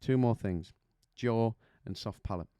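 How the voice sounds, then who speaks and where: Low, mellow-voiced male vocal coach. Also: a little slow, no room sound. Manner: chatty, explains with demonstrations and anecdotes. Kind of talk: singing lesson to camera.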